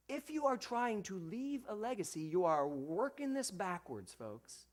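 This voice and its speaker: Animated man giving a sermon. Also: fairly high pitch, a little fast, hardly any pauses. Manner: animated, acts out quoted voices, talks directly to the congregation. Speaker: minister. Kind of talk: sermon to a congregation.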